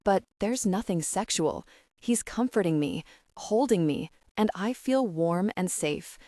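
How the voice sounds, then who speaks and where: A woman narrating a first-person romance audiobook in a steady, even reading voice. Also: mid-range voice, unhurried, no room sound, studio quality.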